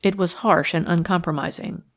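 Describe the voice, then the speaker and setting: A woman narrating a classic detective novel in a measured, even storytelling manner. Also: on the low side. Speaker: audiobook narrator. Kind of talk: scripted narration.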